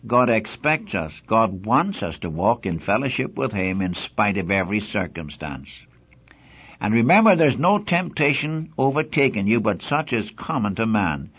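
A man's voice: fairly low pitch, sing-song, normal speed, a bit bright, breathy edge. An older man preaching a Bible teaching sermon, earnest and emphatic, returning again and again to one key verse. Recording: dull lo-fi old recording.

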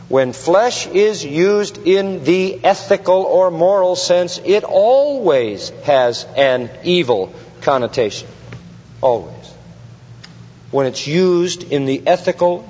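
Slow, emphatic man preaching in an echoing hall. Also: fairly high pitch, animated, darkish tone. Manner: emphatic, rhetorical questions to the congregation, heavy repetition. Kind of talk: expository sermon. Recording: long hall reverb, dull lo-fi sound.

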